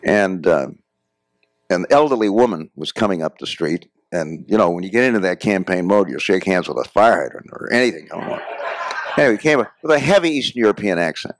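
An older man from the United States, appearing as a guest speaker in a classroom or lecture hall, shares personal anecdotes in a storytelling lecture and often calls the audience "folks." His low voice is expressive and fairly quick, recorded with no room sound.

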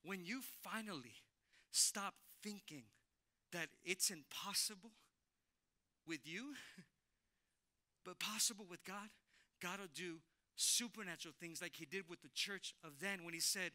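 A man preaching a sermon as pastor, telling a personal story with emphatic repetition and animated delivery. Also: high voice, unhurried, pauses often. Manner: animated, emphatic, repeats phrases, laughs with congregation. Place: church sanctuary.

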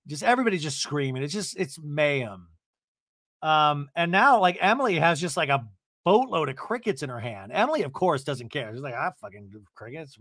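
A man's voice: on the high side, a bit bright, no echo, studio quality. A man hosting a comedic TV recap podcast, chatty and gossipy, acting out quotes as he goes. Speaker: podcast host.

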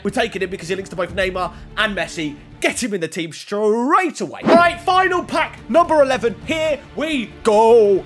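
A young man giving excitable commentary on his own football video game match, shouting at big plays. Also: very high voice. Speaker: gaming YouTuber. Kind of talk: gameplay commentary.

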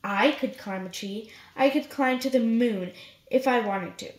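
A woman's voice: a little high, measured pace, close to an everyday voice. A woman voicing a stubborn little male mouse who insists he is a tiger, read from a storybook. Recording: roomy echo.

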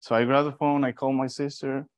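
A man's voice: medium pitch, a little fast, dry recording. Guy from mexico leading a bible study, chatty, acts out his stories. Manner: animated storytelling with restarts. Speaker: Bible teacher. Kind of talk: informal Bible study teaching.

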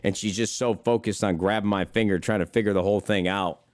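A man's voice: on the low side, fairly even intonation, quick pace. A young man streaming live, chatting casually with viewers in a rambling way, swearing freely and calling them brother.

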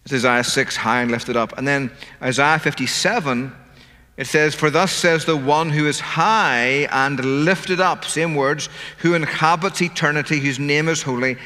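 A man preaching a sermon, slowing down to stress key words. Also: a little high, sharp tone. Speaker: pastor. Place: church sanctuary. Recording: church hall with long reverb.

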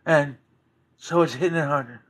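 Male live streamer, loose jokey chat, lots of laughter, slightly high pitch. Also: moderate pace, a crowd in the background. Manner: rambling and jokey, laughing often.

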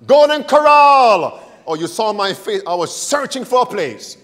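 A man's voice: high voice, animated, normal speed, fairly bright tone, big-room sound. A man preaching a sermon, firing rhetorical questions at his congregation and stressing his points.

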